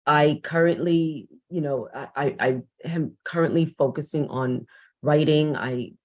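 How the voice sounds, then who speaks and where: A woman's voice: low voice, a little slow. A woman teacher guesting on a podcast, speaking hesitantly with frequent restarts and ums. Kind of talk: podcast interview.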